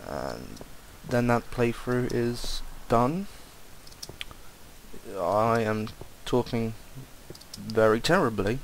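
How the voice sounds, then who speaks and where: A man's voice: medium pitch, expressive, extremely slow, gravelly, slight background noise, rough recording. A young man casually commenting on a game he is playing, rambling and distracted, often swearing and exclaiming. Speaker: Let's Play commentator.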